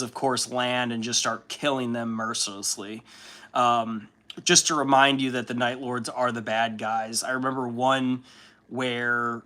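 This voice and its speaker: A man hosts a relaxed hobby livestream and chats in a loose, rambling way. He swears freely and fills his talk with ums and likes. His voice sits at a middle pitch with a bright, forward tone. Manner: rambling and profane, with frequent fillers and laughs. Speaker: livestream host. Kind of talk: casual chat during a hobby stream.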